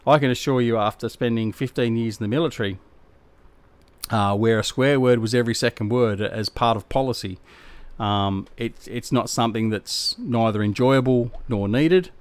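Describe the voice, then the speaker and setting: A man's voice: medium pitch, normal speed, clean tone. A middle-aged Australian man chatting casually on a game live stream, rambling and slangy as he answers his viewers. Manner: laid-back, rambling, slangy.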